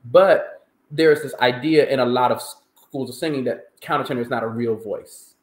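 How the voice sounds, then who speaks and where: A man speaking in a middle-pitched voice, animated and emphatic as he tells his story in an interview. His voice rings in a roomy, echoey space. He talks like a singer looking back on his training. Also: moderate pace. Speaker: countertenor singer, interview guest. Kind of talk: conversational interview. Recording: roomy echo.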